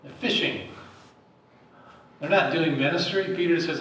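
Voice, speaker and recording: A man delivers a sermon in a relaxed, conversational way and often turns to the listeners with questions. He is recorded from some distance in a strongly echoing church sanctuary, with a faint hum of noise underneath. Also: a little high, measured pace, pauses often. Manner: conversational, asks the congregation questions. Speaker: pastor. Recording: very echoey, distant mic.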